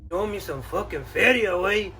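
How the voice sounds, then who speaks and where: A man's voice: very high voice, steady tone, moderate pace, sharp tone, far from the mic, a little hiss or hum, pitched above the performer's own voice, heavily acted. A man voicing a tough male street-gang tax collector in a comedy sketch, talking streetwise and dropping Spanish slang. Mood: menacing.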